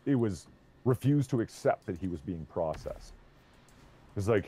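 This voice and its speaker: A man streaming a game, chatting casually and telling an animated story, swearing freely. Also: fairly low pitch, normal speed, long pauses, husky. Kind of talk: casual chat while gaming.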